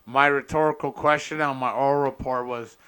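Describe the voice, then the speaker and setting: A man's voice: mid-range voice, fairly even intonation, brisk, a bit bright, clean tone. A young man hosting a podcast, a stand-up comedian telling rambling stories and swearing often. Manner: profane, rambling storyteller. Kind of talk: casual chat.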